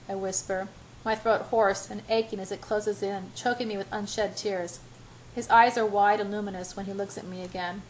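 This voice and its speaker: A woman's voice: mid-range voice, fairly even intonation, moderate pace, a little hiss or hum, poor audio. A woman reading a first-person romance novel aloud in a breathless, emotional way. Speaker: audiobook reader.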